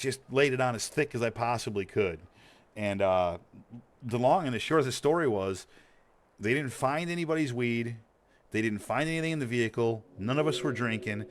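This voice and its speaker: While gaming, this man rambles through a lengthy story, swearing without restraint and breaking into laughter often. His voice is medium-pitched and a bit bright, with a slight Montana accent.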